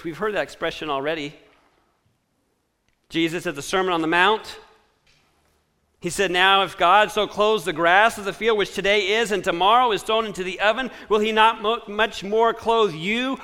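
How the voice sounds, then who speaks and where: Man, sermon, bright ringing voice, rhetorical questions, hushed repeated refrain, long hall reverb. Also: high voice, steady tone, normal speed, smooth. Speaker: preacher.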